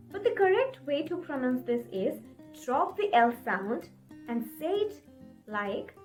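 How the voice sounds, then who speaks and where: High-voiced woman teaching English pronunciation. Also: very animated. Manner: encouraging, repeats words slowly for practice. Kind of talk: video lesson, addressing viewers. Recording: faint guitar music behind.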